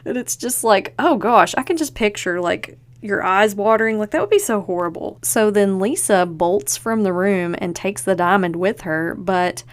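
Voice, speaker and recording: A young woman hosting a podcast in a casual, chatty way, full of quick asides and acted-out quotes. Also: mid-range voice, animated. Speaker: podcast host. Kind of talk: casual chat.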